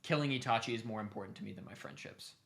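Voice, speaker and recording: A man's voice: medium pitch, very fast, gravelly, fairly bright tone. A man quoting a brooding cold teenage ninja. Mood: grim.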